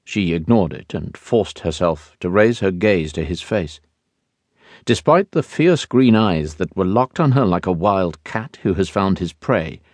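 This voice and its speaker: A male audiobook narrator telling a historical romance in a measured, expressive way. His low voice moves through a lively range of pitch. The recording is close and dry. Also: no room sound. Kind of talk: scripted narration.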